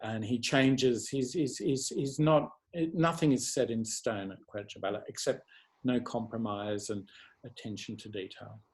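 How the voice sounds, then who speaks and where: A man talking about winemaking in a casual discussion, halting and repeating words as he searches for them. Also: mid-range voice, a little mellow. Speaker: winery representative. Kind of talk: casual discussion on a video call.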